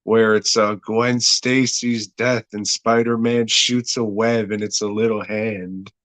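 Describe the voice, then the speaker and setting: A man co-hosting a podcast, mocking a movie in a slow, sardonic, profane way. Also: fairly low pitch, flat delivery, fairly bright tone, dry recording. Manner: slow, sardonic, laughs at his own jokes. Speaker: podcast co-host. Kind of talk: casual profane movie review chat.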